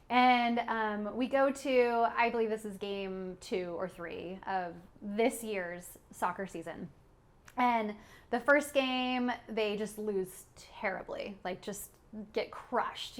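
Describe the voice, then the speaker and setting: A woman with a fairly high voice chats casually on a parenting podcast. She talks in a loose, rambling way, full of fillers, and laughs often. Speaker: podcast co-host.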